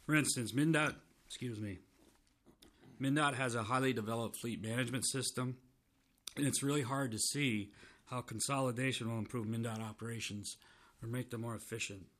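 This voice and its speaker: Hoarse man testifying formally. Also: mid-range voice, steady tone, fairly bright tone, slight background noise. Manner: measured, with frequent restarts. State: losing his voice, clearing throat. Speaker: state transportation commissioner testifying.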